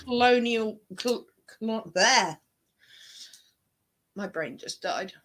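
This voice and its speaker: A woman's voice: a little high, slow, a bit bright. A woman from England with a trained, broadcaster-like British accent, chatting in a casual group talk and explaining at length. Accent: British, trained broadcaster-style.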